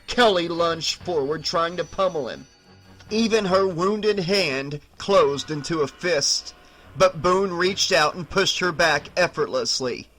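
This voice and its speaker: A man narrating a horror novel as an audiobook in a measured, dramatic reading. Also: a little high, bright, forceful tone, rough recording.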